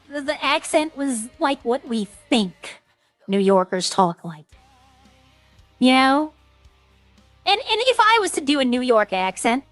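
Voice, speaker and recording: A woman's voice: on the high side, dry recording. A woman streamer rambling in casual, self-deprecating chat with her viewers.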